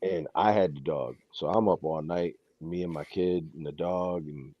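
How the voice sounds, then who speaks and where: Low-voiced man swearing through a casual story. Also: moderate pace, husky, dry recording, dull audio. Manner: profane storyteller, mimics others in raised voices. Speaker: co-host on comic unboxing stream. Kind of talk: casual chat. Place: home.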